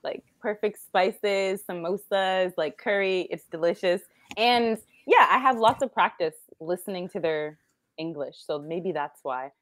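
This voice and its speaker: A young Canadian woman with a Canadian accent, chatting quickly and laughing often as an English tutor on a video call. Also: lowish voice, no room sound. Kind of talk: casual chat on a video call.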